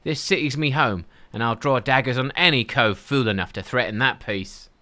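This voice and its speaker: A man's voice: mid-range voice, moderate pace, pushed and bright, lightly acted. A man doing a stern female rogue enforcer.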